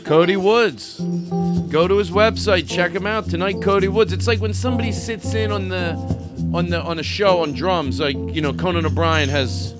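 A man hosting a podcast, loud and joking, riffing in loose comedic banter. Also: on the high side. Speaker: podcast host. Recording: live music in room. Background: live band music.

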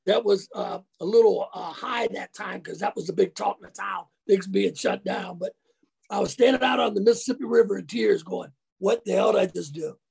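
Gravelly, husky man telling stories. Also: high voice, fairly quick, darkish tone. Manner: folksy, colloquial. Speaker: interview guest, former college football player. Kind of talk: casual storytelling.

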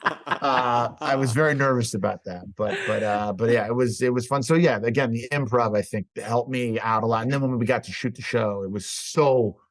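A man's voice: medium pitch, moderate pace, no echo. A man chatting loosely as a podcast guest, talking into a microphone. He swears freely and laughs through his stories. The sound is dry and close, with no room around it. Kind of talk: casual chat.

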